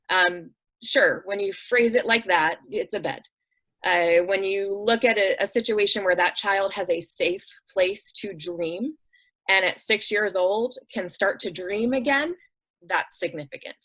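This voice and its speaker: Woman guest talking earnestly, lots of um and like, mid pitch voice. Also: fairly bright tone, poor audio. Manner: earnest, acts out quoted voices, many "um" and "like". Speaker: interview guest, nonprofit director. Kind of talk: conversational storytelling.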